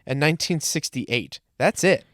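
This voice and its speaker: A man's voice: fairly high pitch, animated, normal speed, a bit bright, no echo, clean studio sound. A man co-hosting a podcast, explaining things in casual chat with lots of "um" and "like". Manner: explains at length, with many fillers like "um" and "like". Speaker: podcast co-host.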